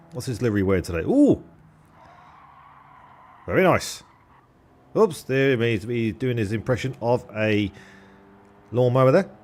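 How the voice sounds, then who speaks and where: A man's voice: medium pitch, darkish tone, husky. A young man commentating a sim race on a live stream, chatty and jokey, with casual swearing and thanks to subscribers.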